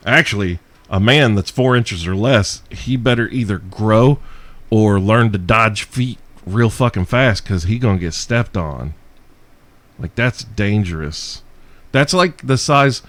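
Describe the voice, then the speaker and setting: A man's voice: on the low side, no echo. Profane, sarcastic man ranting on a podcast. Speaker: podcast host. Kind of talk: solo podcast answering listener questions.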